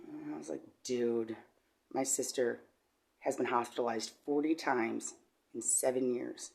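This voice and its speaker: A middle-aged woman telling an emotional personal story, rambling and halting with many repeated words, swinging from quiet to loud. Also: steady tone, gravelly. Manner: shifts from low and quiet to loud and high when agitated. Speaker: vlogger.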